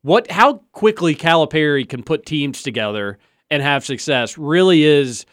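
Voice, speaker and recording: A man in casual sports talk, opinionated and animated, jumping in with quick rebuttals. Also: fairly high pitch, no echo, clean studio sound.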